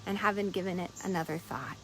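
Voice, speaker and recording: A woman voicing a calm male monk in a spoken story, gentle and knowing. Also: fairly low pitch, fast talker, soft background music, close to an everyday voice, low-quality recording.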